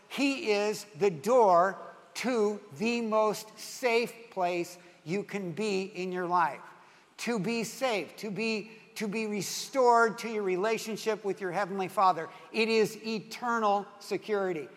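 A man's voice: high-pitched, slow, big-room sound. A man in his sixties preaching a sermon, telling a long personal story in a rambling, self-interrupting way and laughing at his own tale. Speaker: pastor.

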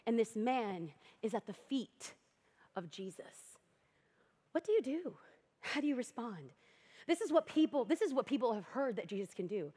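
A young adult woman preaching a sermon, telling the story with animated energy and acting out voices. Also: fairly high pitch, normal speed, breathy edge, in a large hall.

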